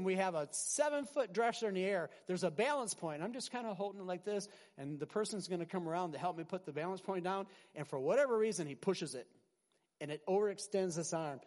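A middle-aged man preaching a sermon as pastor, animated, swinging from loud emphasis to quiet asides and often restarting his words. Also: high voice, fairly quick. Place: large hall with a congregation. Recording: long hall reverb.

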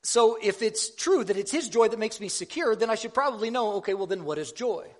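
A man delivers a sermon in a high, light voice. He talks like he's chatting with friends, pokes fun at himself, and often stops to restart a thought. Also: lively intonation. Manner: conversational, self-deprecating, halting restarts. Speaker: preacher.

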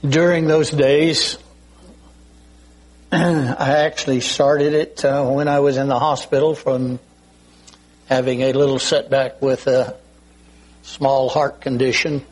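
Slow, deliberate older male preacher. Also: mid-range voice, level tone, rough recording. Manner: slow, deliberate preaching with frequent throat clearing. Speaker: pastor. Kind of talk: sermon.

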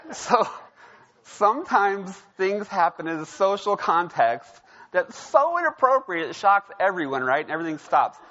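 Male pastor, conversational sermon delivery, a bit high, muffled lo-fi recording. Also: very animated, moderate pace, sharp tone. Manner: conversational, storytelling, frequent "right?". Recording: dull lo-fi sound.

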